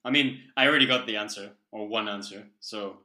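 A man with a bright, forward voice co-hosts a casual podcast. He talks in a cheerful, jokey way and laughs easily. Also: on the low side, brisk. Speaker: podcast co-host.

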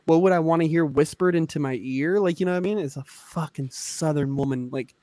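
A man's voice: on the high side, brisk, warm tone, no echo. A man co-hosting a podcast in casual chat, rambling and effusive, swearing often. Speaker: podcast co-host.

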